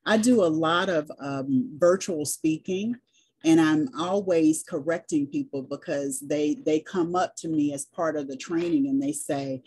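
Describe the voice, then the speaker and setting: A middle-aged woman with a Southern US accent talks through her stories at an easy pace, even spelling things out. Her voice sits low and mellow, with a husky edge to it. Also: unhurried. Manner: chatty storyteller, spells things out. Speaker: business and sales coach, guest. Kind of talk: casual interview chat.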